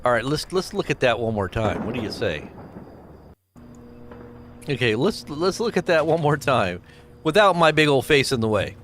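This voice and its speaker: A man's voice: medium pitch, big pitch swings, normal speed, pauses often, fairly bright tone, slight background noise. A man hosting a casual livestream, rambling between scripture and videos and reading out viewer names with chuckles. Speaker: livestream host.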